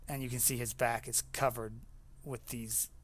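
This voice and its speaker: A man's voice: mid-range voice, flat delivery, moderate pace. Young male game master, casual narration, filler-heavy, mid-range voice.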